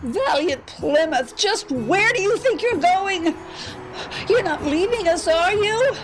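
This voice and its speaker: An exasperated high wife. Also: female voice, expressive, exaggerated voice. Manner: exasperated, rapid nagging. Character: exasperated wife car, nagging and pleading. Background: music.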